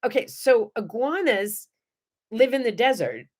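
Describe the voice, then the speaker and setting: A middle-aged woman hosting a morning show, chatting to viewers and telling animated stories. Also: fairly high pitch, a little slow. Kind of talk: casual chat and storytelling.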